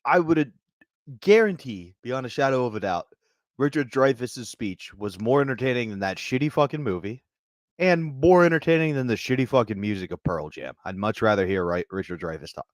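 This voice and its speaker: Man riffing with a lively, swooping voice. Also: mid-range voice, a little fast, no room sound, studio quality. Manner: animated profane riffing. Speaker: podcast co-host. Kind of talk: casual comedic chat.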